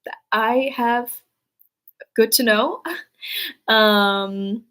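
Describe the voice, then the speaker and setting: A woman chats casually on her livestream, her voice sitting a little high. She rambles, trails off and restarts often, reading viewer messages aloud, and her delivery can turn flat enough that she worries it sounds sarcastic. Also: extremely slow. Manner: rambling, many fillers and restarts, reads chat aloud. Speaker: livestream host reading chat.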